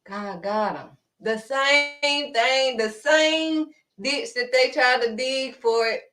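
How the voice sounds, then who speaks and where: A woman preaching in a livestream sermon, animated and calling listeners honey. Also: high-pitched, slow pace.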